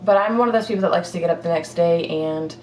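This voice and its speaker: Here the fitness vlogger talks fast, her fairly low, darkish voice tumbling through answers to viewers' questions. It's a chatty, giggly ramble full of fillers from a young woman, recorded in an echoey space with a distant mic and a bit of background noise.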